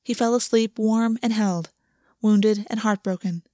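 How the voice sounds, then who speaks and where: A woman narrates a story aloud in a soft, even manner. Her voice sits at a medium pitch. The recording is dry and close, with no echo. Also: a little slow.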